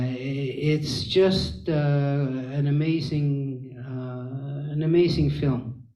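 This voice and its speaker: An older man hosting an informal talk for a library group, speaking slowly with many fillers and restarts. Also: a little high, mellow. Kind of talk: informal lecture to a live group. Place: library meeting room. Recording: echoey room, dull lo-fi sound.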